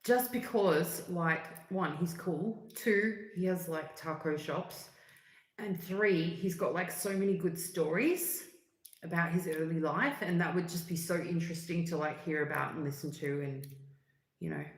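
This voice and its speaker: A woman, chatting in a rambling, relaxed way on a livestream, full of fillers and asides. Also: fairly low pitch, unhurried. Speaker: livestream host. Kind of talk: casual livestream chat. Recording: echoey room.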